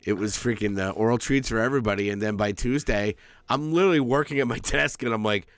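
A man's voice: lowish voice, fast, slight background noise. A man co-hosting a crude casual podcast, rambling through profane stories and laughing often, a little stuffy from a cold. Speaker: podcast co-host.

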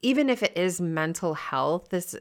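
A woman's voice: lowish voice, animated, normal speed. A woman co-hosting a podcast in casual chat, frank and teasing. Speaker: podcast co-host.

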